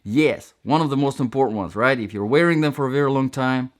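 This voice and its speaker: A man's voice: medium pitch, fairly quick. A man hosting a casual product review, chatty and enthusiastic, with rambling asides. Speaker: gear reviewer.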